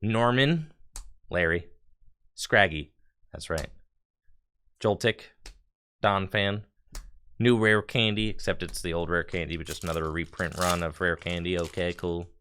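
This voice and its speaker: A casual streamer man talks his way through opening card packs, loose and slangy, with bursts of enthusiasm. His voice sits slightly low but rings bright and crisp. He chats easily with his viewers throughout. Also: fairly even intonation, a little slow, long pauses. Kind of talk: casual live-stream chat.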